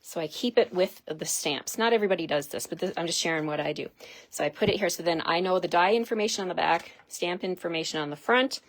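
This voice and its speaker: A woman hosting a live craft demonstration, chatty and excitable, gushing over each product as she unpacks it. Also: lowish voice, fast talker.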